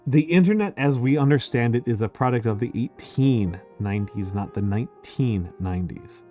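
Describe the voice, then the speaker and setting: A man's voice: mid-range voice, normal speed, mellow, soft background music. Rambling man lecturing at a hangout. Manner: rambling lecture-like explaining with jokey asides. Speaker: streamer and host. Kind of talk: casual group chat on a stream.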